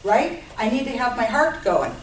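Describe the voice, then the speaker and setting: A woman's voice: on the high side, animated, normal speed. A woman giving an informal lecture on health to a class, often checking in with her listeners. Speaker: health educator. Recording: roomy, distant mic, faint noise.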